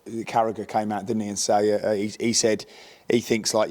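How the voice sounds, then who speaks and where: A former footballer with a fairly low voice, chatting loosely on a podcast. He laughs easily and thinks aloud, dropping "innit" and "like" along the way. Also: level tone, moderate pace, darkish tone. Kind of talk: casual football chat.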